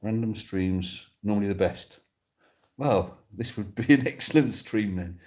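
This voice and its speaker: A man from Devon, England, streams live from his phone while sitting on a sofa indoors, chatting casually and playfully joking as he reads viewer comments aloud. His voice is fairly low, a little slow and a little mellow.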